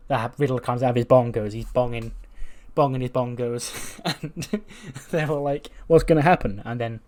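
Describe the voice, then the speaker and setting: A man narrating a wrestling simulation game casually, chatty and rambling, trailing off with "um". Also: mid-range voice. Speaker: game commentator.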